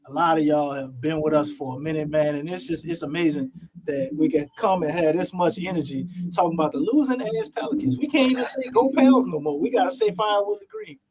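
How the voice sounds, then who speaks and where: A man's voice: a little high, expressive, a little fast, darkish tone, low-quality recording. A man hosting a casual sports podcast, laid-back, wrapping up and thanking the listeners he calls family. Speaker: podcast host. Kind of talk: casual sign-off chat.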